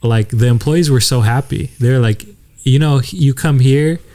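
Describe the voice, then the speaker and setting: On a podcast, a young male co-host chats easily while spinning a travel story, slipping into other people's voices when he quotes them. His mellow voice sits at an ordinary middle pitch, and he talks a little slowly.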